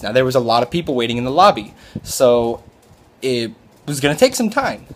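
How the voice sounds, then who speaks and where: A man's voice: medium pitch, expressive, brisk. Rambling young man telling a story. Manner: rambling, with many fillers and restarts. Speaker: restaurant server telling a story. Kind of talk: casual storytelling vlog.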